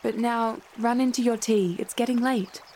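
A woman reading a storybook aloud, voicing a gentle older sister who speaks kindly and soothingly. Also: a little high, steady tone, normal speed, slight background noise, close to an everyday voice. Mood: tender.

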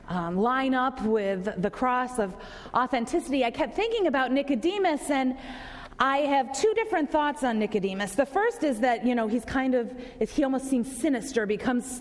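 A woman's voice: high voice, in a large hall. A woman pastor giving a conversational sermon to a congregation, asking them questions.

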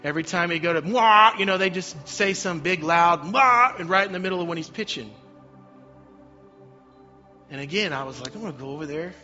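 Preaching a sermon, a middle-aged man shifts from quiet stories to loud emphasis. His voice is on the high side and fairly quick, broken by long pauses. The recording sounds slightly dull, and faint music can be heard underneath.

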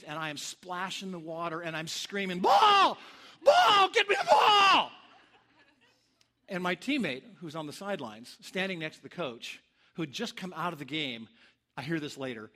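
Male pastor, high bright voice, animated storytelling sermon, acts out quotes.

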